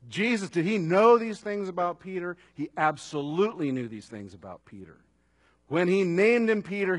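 A man preaching a sermon at an evening service, earnest, building to strong emphasis and then dropping to a hushed, intimate tone. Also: sits high, no room sound. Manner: earnest, swings between raised emphasis and quiet intimacy.

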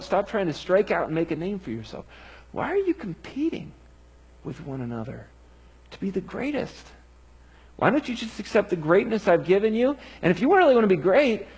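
A man's voice: sits high, husky, heavily acted. A man voicing Jesus as a patient but frustrated teacher, pleading with his disciples through rhetorical questions.

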